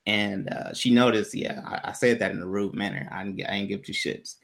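A man's voice: on the low side, fairly even intonation, fairly quick, gravelly, fairly bright tone. A man in casual conversation, telling a personal story in a candid, loose way with plenty of swearing.

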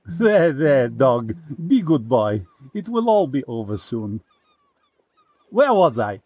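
A man voicing a shady Russian state journalist in a comedy sketch, with a fake Russian accent, broken English and mock-earnest, deadpan menace. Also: high-pitched, normal speed, breathy edge, no room sound, heavily acted.

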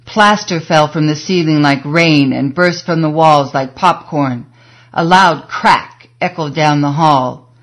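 A woman narrating an audiobook in a measured, scripted reading that slows for emphasis. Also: low-pitched.

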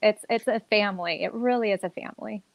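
A woman's voice: mid-range voice, fast talker, creaky, no echo, rough recording. A woman who acts and teaches acting, chatting upbeat and enthusiastic in an interview, with plenty of fillers. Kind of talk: casual interview chat.

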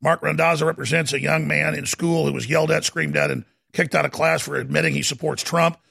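Male talk host, bright and forceful, high-pitched fiery rant with lots of shouting and stammering. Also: fairly even intonation, a little fast, creaky, husky. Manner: swings between yelling and low muttering. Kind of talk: ranting talk radio monologue.

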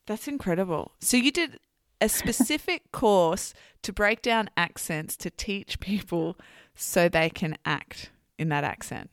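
Animated woman host, lively pitch. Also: a little slow, no echo, clean studio sound. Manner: animated, laughing storyteller. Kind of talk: casual interview chat.

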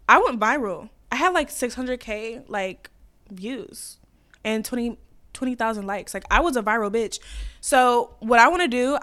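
A woman's voice: on the high side, smooth. Blunt, sassy young woman podcaster. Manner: blunt, profane, sassy ranting; animated, swings loud and quiet. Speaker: podcast host. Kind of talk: casual chat.

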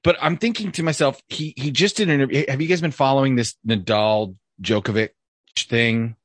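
A man's voice: mid-range voice, brisk, no room sound. A man hosting a casual podcast chat, talking in a profane, rambling way. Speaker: podcast host.

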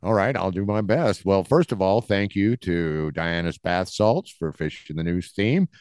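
A man's voice: low-pitched, expressive, measured pace, a little mellow, smooth, no room sound, studio quality. A man co-hosting a podcast in casual chat, encouraging and chuckling often. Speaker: podcast co-host.

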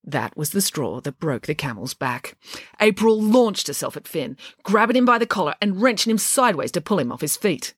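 A woman reading a children's story aloud with a wry, expressive delivery. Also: lowish voice, dry recording, clean studio sound. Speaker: narrator.

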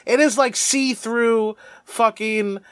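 A woman's voice: fairly high pitch, fairly even intonation, slow pace, no echo. A woman co-hosting a podcast in casual, swearing, laughing chat. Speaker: podcast co-host. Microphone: podcast mic.

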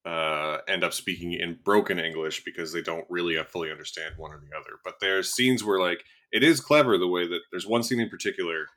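A man's voice: sits low, brisk, hardly any pauses, bright, forceful tone. A man co-hosting a casual film review podcast, talking in a dry, weary way with many fillers and trailing remarks. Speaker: podcast co-host.

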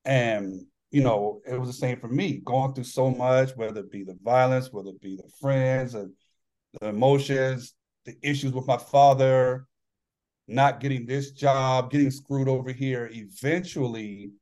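A man's voice: medium pitch, fairly even intonation, measured pace, a little mellow. A man guest on a podcast, candidly telling a personal story in an earnest, reflective way. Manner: earnest, reflective, acts out dialogue in his stories. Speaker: podcast guest, author and former athlete.

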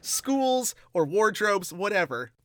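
A man co-hosting a podcast, tossing in jokey asides with halting restarts. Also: high-pitched, big pitch swings, background noise. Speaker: podcast co-host. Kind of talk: casual podcast chat.

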